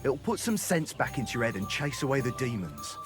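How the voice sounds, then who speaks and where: Man voicing a rowdy bawdy drunkard, mocking, lively high voice, music under. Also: brisk, close to an everyday voice. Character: crude jolly male drinking buddy. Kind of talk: video game voice acting.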